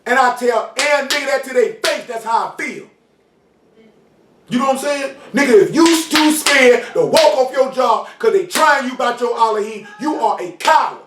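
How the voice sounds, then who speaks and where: A man preaching an informal sermon in street slang, often asking "you know what I'm saying" and shouting for emphasis. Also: extremely high pitch, moderate pace. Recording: roomy hall, mic far off, faint noise.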